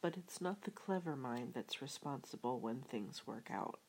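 A woman reading an audiobook in a soft, half-whispered way. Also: very deep voice, lively intonation, moderate pace, low-quality recording. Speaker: audiobook reader. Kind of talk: audiobook narration.

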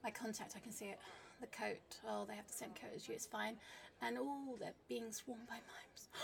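A woman doing a comedic spy role-play monologue, flustered, swinging between loud romantic gushing and hushed whispers. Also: fairly high pitch, steady tone, moderate pace, vocal fry, recorded from a distance. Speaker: narrator playing a spy to the listener.

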